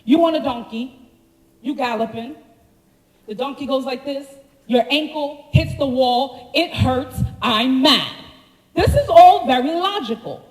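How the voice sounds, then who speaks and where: Woman preaching, high lively voice, unhurried, echoey church hall. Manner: animated storytelling, slangy asides to the congregation. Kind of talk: sermon. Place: church sanctuary.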